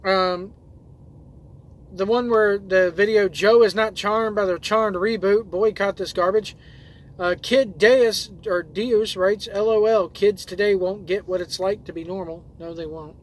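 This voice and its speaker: A man's voice: sits high, fairly even intonation, unhurried. A man who drives trucks and hosts his own videos, reading viewer comments aloud in a loose, rambling way with lots of fillers and restarts.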